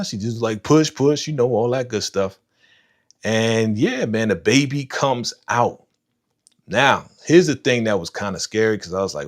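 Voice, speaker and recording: A man hosting a live stream, giving casual, animated reaction commentary full of slang and talking to chat viewers by name. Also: mid-range voice, moderate pace. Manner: animated, slangy, retells scenes with voiced quotes. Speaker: livestream host reacting to a TV episode.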